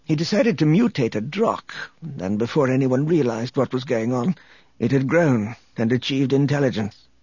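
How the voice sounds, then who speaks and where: A man voicing a weary, remorseful older man who speaks in a hushed, confessional way. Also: mid-range voice, expressive, normal speed, breathy edge, no echo, muffled recording. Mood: explaining. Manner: hushed, confessional, sinking to a whisper.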